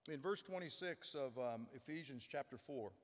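A man's voice: medium pitch, animated, normal speed, big-room sound. A man preaching a sermon as pastor, earnest and emphatic, often repeating words for stress.

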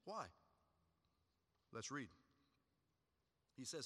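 A pastor preaching a sermon, swinging between loud, high stresses and quiet, low drops. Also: male voice, lively intonation, moderate pace, long pauses, long reverb tail.

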